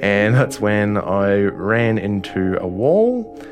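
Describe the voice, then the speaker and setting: A man with an Australian accent telling a first-person story in a halting way, often restarting his sentences. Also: lowish voice, very animated. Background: music score.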